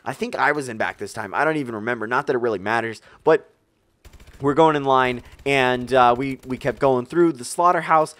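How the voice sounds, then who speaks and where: A young man telling a story in a casual, animated way, full of "like" and "you know". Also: medium pitch, fairly quick, no echo. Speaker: vlogger.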